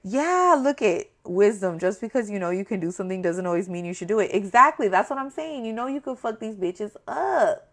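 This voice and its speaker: A woman's voice: medium pitch, expressive, brisk. Blunt, profane woman tarot reader. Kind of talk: casual spoken tarot reading.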